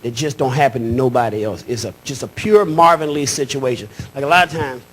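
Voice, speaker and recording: A male stand-up comedian who tells stories with animation and shouts his punchlines. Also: mid-range voice, fairly quick.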